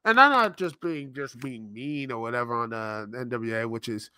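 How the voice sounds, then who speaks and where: Exasperated bright-voiced man ranting. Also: mid-range voice, lively intonation, moderate pace, clean tone, no room sound, studio quality. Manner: exasperated, rambling, sarcastic. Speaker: podcast host. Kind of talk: live-stream commentary rant.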